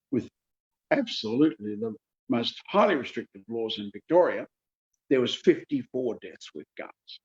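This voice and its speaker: A man in his seventies with a Queensland Australian accent, answering interview questions in a folksy, emphatic way and repeating figures slowly for effect. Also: medium pitch, darkish tone, dull audio. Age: 70s. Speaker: politician guest.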